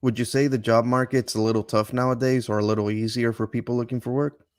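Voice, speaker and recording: A man's voice: medium pitch, flat delivery, quick pace. An easygoing man in a casual chat who often reacts with short interjections.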